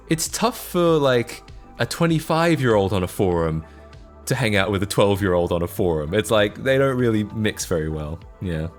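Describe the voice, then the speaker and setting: A young Australian man with a fairly low voice talks loosely on a live stream and answers chat as he goes. He mocks himself, laughs often and rambles in a relaxed way.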